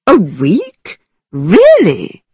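A playful, theatrical young gentleman, as a woman reads him aloud, all mock-formal politeness and teasing. His lines rise and fall with lively swings of pitch. The voice is soft and a little breathy, recorded close and dry. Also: a little slow, dry recording, full character voice. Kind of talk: storybook reading.

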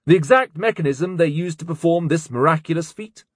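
A man's voice: fairly high pitch, fairly quick, slightly rough, dry recording, clean studio sound, pitched above the performer's own voice. A man voicing a stern, cold older male scholar in an audiobook, with a clipped, cutting manner. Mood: lecturing. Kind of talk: audiobook character voice.

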